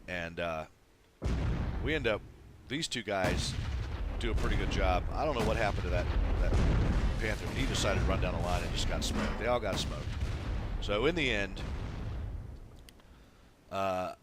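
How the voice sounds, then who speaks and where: A man's voice: deep voice, moderate pace, long pauses, very noisy. A man casually commenting on a replay of his own game, laid-back and swearing freely. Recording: game sounds of gunfire and engines behind. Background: tank battle game sounds, artillery fire.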